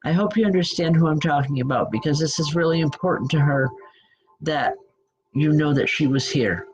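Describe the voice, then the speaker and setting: A woman working as a spiritual medium, giving a live online reading. She talks in a halting, stop-start way, restarting her sentences as she passes on messages gently and reassuringly. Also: sits low, poor audio.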